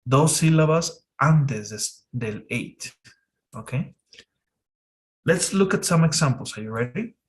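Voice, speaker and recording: A man teaching an English pronunciation lesson in a casual way, often checking in with "okay". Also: on the high side. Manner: slow, relaxed explaining with frequent "okay".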